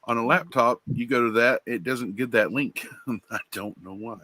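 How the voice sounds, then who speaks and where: A man's voice: mid-range voice, normal speed, bright, forceful tone. A man on a live stream panel, talking in an easygoing, rambling way. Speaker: panel guest. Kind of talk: casual livestream chat.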